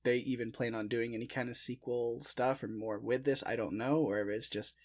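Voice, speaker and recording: A young man co-hosting a podcast, talking through a film in a relaxed, rambling way with plenty of fillers. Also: mid-range voice, a little fast. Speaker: podcast co-host. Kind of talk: casual film discussion.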